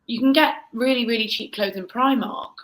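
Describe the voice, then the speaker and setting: Female podcast host, bright and forceful tone, animated interviewer. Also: a little high, moderate pace, low-quality recording.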